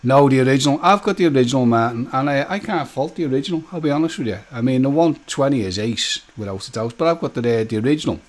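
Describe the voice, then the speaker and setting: A man's voice: mid-range voice, fast, hardly any pauses. A man hosting a casual live stream, chatting with his viewers by name and joking as he goes. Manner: chatty and jokey, speaks straight to viewers by name; loose rambling talk with many fillers and restarts.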